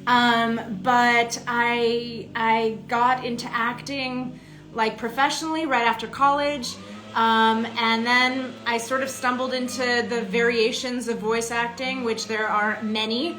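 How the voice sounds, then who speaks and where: Bright-voiced chatty woman in an echoey room. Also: a little high, flat delivery, slow pace, faint music behind. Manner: chatty, greets fans by name and reads comments aloud. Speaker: voice and motion-capture actress hosting a fan signing. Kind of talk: casual live-stream Q&A chat.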